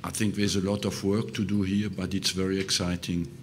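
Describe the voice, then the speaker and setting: Older guy answering reporters, real low voice, pretty monotone, lots of uhs. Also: a little hiss or hum. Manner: hesitant, with many drawn-out fillers. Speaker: football manager. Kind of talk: press conference answers.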